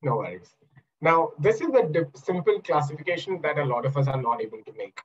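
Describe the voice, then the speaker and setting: A man's voice: a little high, big pitch swings, fairly quick, muffled recording, slight background noise. A man coaching in a webinar over a video call, explaining by asking questions and acting out examples. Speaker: NLP coach and trainer. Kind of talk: webinar talk.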